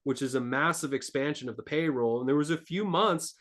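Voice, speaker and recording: A man's voice: medium pitch, a little fast, a bit bright, slight background noise. A man speaking as an entrepreneur guest on a podcast, earnest and rambling, with lots of filler words. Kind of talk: casual interview talk.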